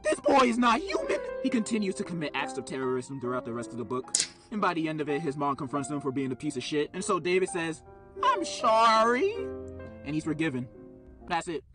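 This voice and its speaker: A man giving a comedic commentary on a children's book, swinging between low deadpan and sudden shouted outrage. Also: fast, over music.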